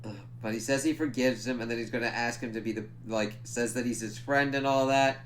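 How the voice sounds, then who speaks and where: A man's voice: medium pitch, fairly quick, a little hiss or hum. A man giving a casual spoken recap of a TV episode, swearing freely, acting out lines, and tripping over his words. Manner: animated, profane retelling with quoted lines; stumbles over words and laughs at himself. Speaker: TV reviewer.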